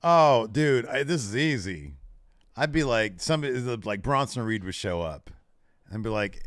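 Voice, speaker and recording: Loud, swearing podcast co-host. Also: male voice, mid-range voice, lively intonation, moderate pace, no echo, clean studio sound. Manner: loud, profane, jokingly berating. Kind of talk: casual live-stream banter.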